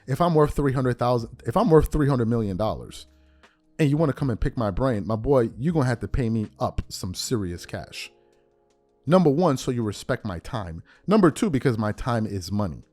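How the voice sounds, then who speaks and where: A man's voice: medium pitch, moderate pace, no echo, faint music behind. A man hosting a podcast, giving blunt, mocking sports commentary. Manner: animated, blunt and mocking, with mock-quoted asides. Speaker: podcast host. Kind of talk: opinionated commentary.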